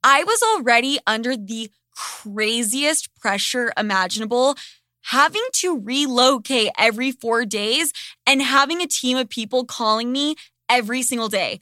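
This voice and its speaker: A woman's voice: a little high, big pitch swings, normal speed, pushed and bright, dry recording, studio quality. A woman hosting a podcast, telling a story in casual chat with dramatic flair and lots of swearing. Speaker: podcast host.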